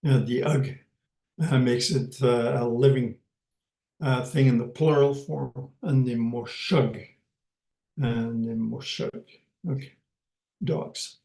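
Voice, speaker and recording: Male language teacher, very slow and halting, lots of fillers, echoey room. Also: medium pitch, fairly even intonation, vocal fry, warm tone. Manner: hesitant, many pauses and fillers, repeats words. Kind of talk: slow, patient language lesson. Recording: roomy echo.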